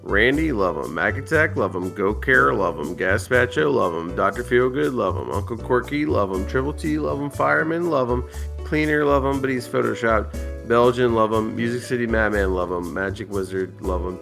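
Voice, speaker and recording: A man's voice: on the low side, normal speed, vocal fry. Drunk man rambling over music. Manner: rambling, profane. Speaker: podcast co-host. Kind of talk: casual chat.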